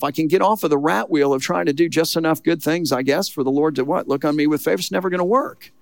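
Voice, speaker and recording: Lively man preaching, gravelly voice. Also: on the high side, no room sound. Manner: lively, conversational preaching with acted-out quotes. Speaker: pastor. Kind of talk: sermon.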